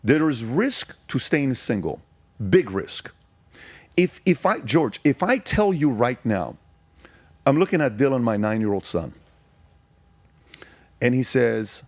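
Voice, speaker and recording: A middle-aged man from Iran speaks as a podcast guest, in a steady, mid-range voice. He tells stories in a casual way and drives each point home with emphatic repetition. The recording is close and dry, with little room sound. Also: medium pitch, no echo. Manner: emphatic, rapid-fire repetition. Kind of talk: casual storytelling.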